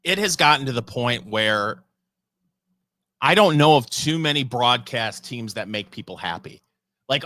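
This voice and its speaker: A man's voice: mid-range voice, animated, measured pace, sharp tone, no room sound. A man co-hosting a casual chat about football, with a dry, wry sense of humor. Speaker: co-host.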